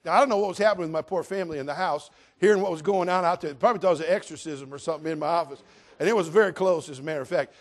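A pastor tells a personal story during his sermon, swinging from loud outbursts to quiet, prayerful asides. His animated voice sits on the high side and comes out rapid-fire.

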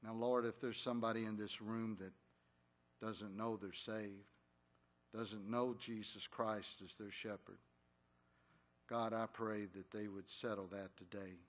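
A man's voice: lowish voice, level tone, a little slow. A man leading a reverent, earnest prayer before a church service. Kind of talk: spoken prayer. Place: church sanctuary.

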